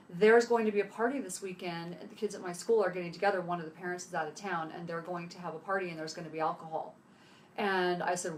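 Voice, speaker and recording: A middle-aged woman giving a casual motivational talk, telling a family story in a chatty way full of fillers. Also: mid-range voice. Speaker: health speaker.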